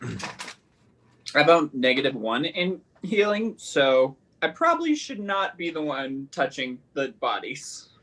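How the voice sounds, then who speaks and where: A woman with a low, very lively voice plays in a casual online tabletop game. She drops dry, drawn-out joking remarks. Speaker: player. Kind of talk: casual actual-play game chat.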